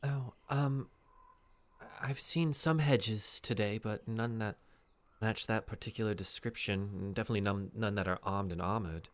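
A man's voice: on the low side, normal speed, close to an everyday voice. A man voicing a weary young mother with a Southern US accent, who speaks hesitantly and apologetically. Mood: apologetic. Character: weary young mother, a woman, soft-spoken. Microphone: online call microphone.

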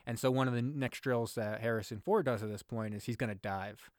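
A man talks through a movie plot in relaxed podcast chat, dropping into quick mock voices for the characters. His pitch sits in an ordinary middle range, and the recording is close and dry with no room sound. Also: no room sound. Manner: jokey, acts out characters' lines with mock voices. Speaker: podcast co-host. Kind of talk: casual movie recap chat.

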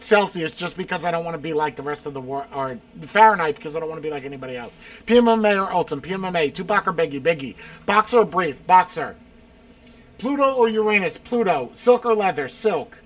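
High, lively man in casual chat. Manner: quick answers, swearing, bursts of shouting and laughter. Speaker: streamer answering rapid-fire questions. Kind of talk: casual chat, lightning round.

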